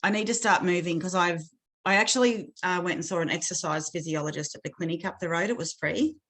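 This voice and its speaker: A woman's voice: on the low side, fast talker, a bit bright, rough recording. A woman chatting candidly as a coaching client, talkative and self-deprecating, often laughing. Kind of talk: candid personal chat.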